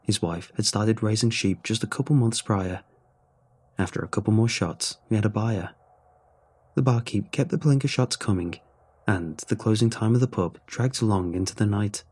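A man narrating a horror story in a measured, brooding way. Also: fairly low pitch, a little mellow, breathy edge.

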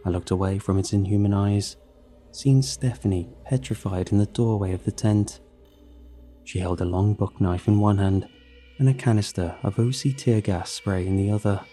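A man narrating a horror story in a measured, grim storytelling manner. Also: on the low side, steady tone, mellow. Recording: narration with faint music underneath.

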